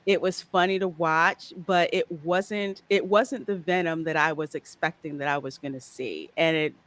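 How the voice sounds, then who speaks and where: A woman co-hosting a pop culture podcast in casual chat, animated and quick to laugh, often repeating words. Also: low-pitched. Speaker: podcast co-host.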